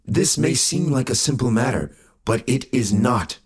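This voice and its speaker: A man voicing a husky, grave immortal. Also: medium pitch, voice pushed up. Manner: measured and cautioning. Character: grave, calm male immortal council member. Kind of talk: audiobook character voice.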